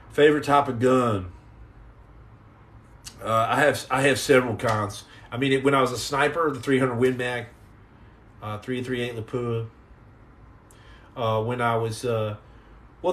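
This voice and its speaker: A middle-aged man hosting a casual live stream, jumping between jokes and shout-outs to the chat. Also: medium pitch.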